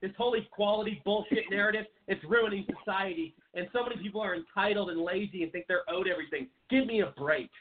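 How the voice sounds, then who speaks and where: Brisk, high-voiced male host, blunt and indignant, lo-fi line. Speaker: talk show host. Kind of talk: political talk show. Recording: tinny phone line.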